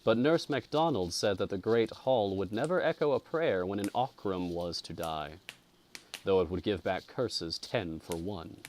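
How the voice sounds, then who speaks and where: A male storyteller reading a ghost story in a slow, deliberate, atmospheric way. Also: deep voice, a little mellow, slight background noise. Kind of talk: scripted narration of a ghost story.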